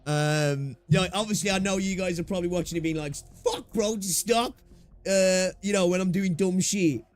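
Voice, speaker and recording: A man's voice: high-pitched, fairly even intonation, fairly quick. A young man live-streaming a game, chatting casually with his viewers, swearing freely and repeating his own phrases.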